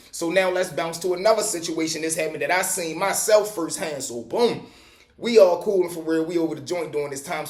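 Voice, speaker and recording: A man telling a prison story in casual street slang, swearing freely. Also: on the high side. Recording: echoey room.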